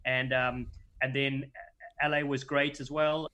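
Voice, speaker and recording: A man's voice: medium pitch, unhurried, dull audio. A middle-aged man from Africa, a rugby commentator telling stories in casual chat with lots of restarts. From South Africa. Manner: animated storyteller with many restarts.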